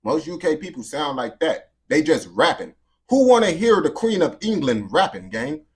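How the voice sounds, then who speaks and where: A man's voice: on the high side, very animated, normal speed, darkish tone. A man giving casual, slangy, emphatic reaction commentary. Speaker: reaction video host.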